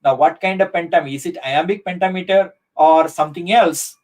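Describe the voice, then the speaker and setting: Male professor, slightly high voice, live online lecture, halting and full of fillers. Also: a little mellow. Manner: explains step by step, many fillers and restarts.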